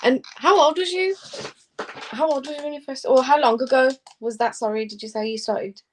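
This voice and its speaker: A fairly high-pitched woman hosts an open livestream panel in relaxed chat. She teases and jokes, switching quickly between guests over a video call. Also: slight background noise. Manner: playful, teasing, jokey.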